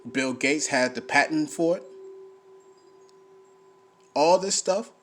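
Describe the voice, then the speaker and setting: A man delivers an informal scripture teaching at a slow, deliberate pace. He hammers key phrases by repeating them, rising to loud preaching, then drops to low muttering as he reads. A faint background noise sits under his voice. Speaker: bible teacher.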